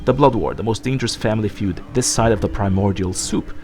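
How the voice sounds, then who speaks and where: A man's voice: fairly low pitch, a little fast, a little mellow, soft background music. A man who is feeling ill, rambling through gameplay commentary and reading game dialogue aloud. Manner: rambling, thinking aloud with many fillers. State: sick. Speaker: let's play host.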